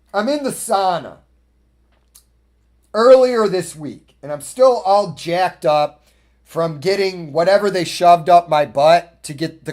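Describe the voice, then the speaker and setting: Male podcast host, high-pitched voice, blunt and profane, ranting casual monologue. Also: darkish tone.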